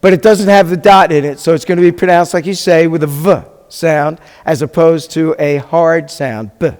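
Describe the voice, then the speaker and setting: Teaching a beginners' class as a rabbi, this man speaks at a moderate pace in a voice on the high side with a darkish tone. He's patient and chatty, frequently pausing to ask his students questions, and the recording has a long hall reverb.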